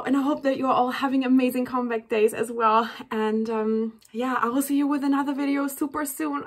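A young woman reacting to a music video on camera, gushing and emotional, shaky and near tears with excitement. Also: a little high, a little fast, few pauses. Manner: gushing, emotional, breathless with excitement, laughs often. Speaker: reaction vlogger. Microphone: camera mic.

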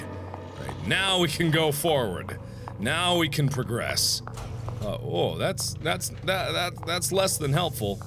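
A young man in his twenties doing jokey horror game commentary, swinging from quiet mutters to excited shouts. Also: a little high, slow, creaky, over music. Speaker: gaming YouTuber.

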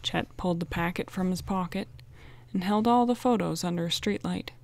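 A woman narrating a storybook in a clear, even way. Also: on the low side, normal speed. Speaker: audiobook narrator.

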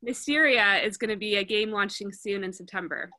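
Woman, bright voice, eager, casual pitch, video call. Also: brisk. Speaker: student presenter. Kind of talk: presenting a campaign pitch.

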